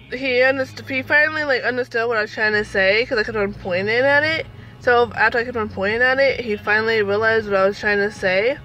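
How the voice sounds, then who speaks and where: A woman's voice: on the high side, poor audio. A woman in her thirties telling a personal story in a casual, chatty way, full of fillers. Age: 30s. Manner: chatty, animated, lots of fillers. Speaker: vlogger.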